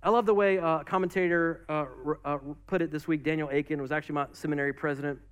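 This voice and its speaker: A man preaching a sermon as pastor, lively and casual, acting out quotes and asides. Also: fairly high pitch, fast talker, smooth.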